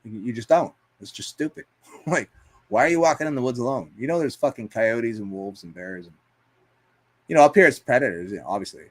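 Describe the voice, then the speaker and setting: A man's voice: medium pitch, expressive, a little fast. A man hosting a casual livestream, telling rambling stories full of swearing and fillers and answering viewer comments. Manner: profane, rambling storytelling with frequent fillers and laughs. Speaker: livestream host.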